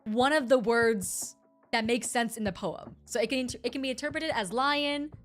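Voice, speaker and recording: A woman streamer casually explaining things to her chat in an animated, rambling way, often correcting herself mid-sentence. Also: a little high, normal speed, faint music behind.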